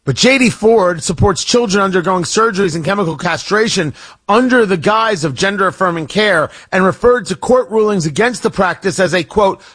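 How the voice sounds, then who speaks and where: A man's voice: sits high, breathy edge. A man hosting a talk radio show, giving opinionated commentary with sarcastic asides. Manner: sarcastic, animated, rambling asides. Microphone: studio microphone.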